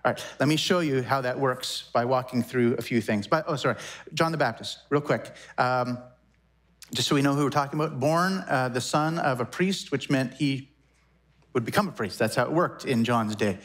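Speaking at medium pitch, a man in his 40s delivers a sermon as a pastor. He stays lively and chatty, frequently correcting himself and slipping in brief asides.

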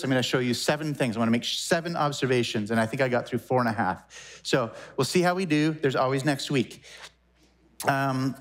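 A pastor in his forties delivers a sermon in a conversational, animated way. His voice sits a little high for a man. He breaks off for quick asides and corrects himself as he goes. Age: 40s.

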